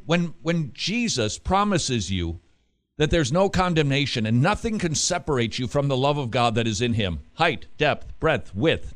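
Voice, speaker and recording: A male Christian radio host with a lively, animated voice that swings up and down in pitch. He talks in a quick, chatty way and breaks into emphatic, forceful urging when he drives a point home. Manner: quick, chatty asides with restarts and laughs. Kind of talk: casual Christian radio talk.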